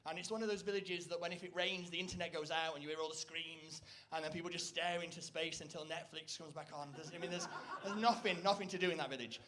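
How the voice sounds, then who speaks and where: A man performing a rambling, self-deprecating stand-up comedy set on stage, breaking into loud, shrill impressions. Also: steady tone, quick pace, hardly any pauses. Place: stage before a live audience.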